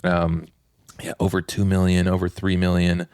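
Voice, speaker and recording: A man's voice: low-pitched, moderate pace, clean tone, dry recording, clean studio sound. A man co-hosting a comics podcast, retelling scenes casually and acting out the quotes. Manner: animated retelling, acts out quotes. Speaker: podcast co-host. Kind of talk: casual chat.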